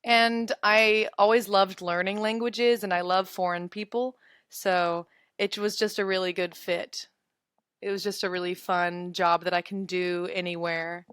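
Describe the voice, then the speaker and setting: A woman's voice: medium pitch, little pitch movement, measured pace, fairly bright tone, clean tone, dry recording, clean studio sound. A young woman in her twenties teaching English in a casual live webinar, chatty and giggly as she answers viewer comments.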